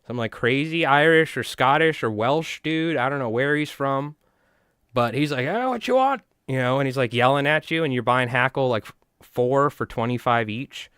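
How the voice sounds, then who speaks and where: A man, chatting in a rambling, animated way to his viewers while tying flies on a live stream. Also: mid-range voice, moderate pace, smooth, no room sound, clean studio sound. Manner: rambling, animated, talks to chat.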